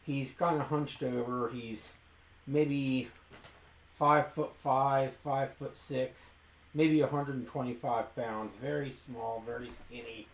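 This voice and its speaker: A man narrating a tabletop role-playing game as game master, describing scenes in a measured way. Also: medium pitch, roomy sound, a little hiss or hum, rough recording.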